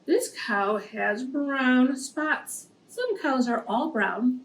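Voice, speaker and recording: A woman reading a picture book aloud to young children, gently explaining words as she goes. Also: high voice, lively intonation, drawn-out words. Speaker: preschool teacher. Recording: echoey room, distant mic, faint noise.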